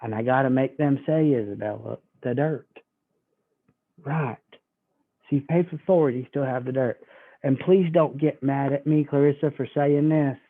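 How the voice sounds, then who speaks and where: A man giving a sales training, folksy and animated as he acts out a pitch to a customer. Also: moderate pace. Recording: tinny phone-like audio.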